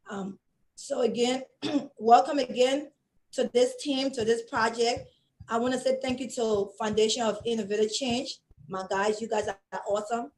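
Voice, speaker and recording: A woman from Liberia makes an impassioned closing appeal as an interview guest, her voice sitting a little high. She speaks earnestly, close to tears, and repeats her phrases for emphasis. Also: poor audio. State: tearing up. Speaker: guest, project founder.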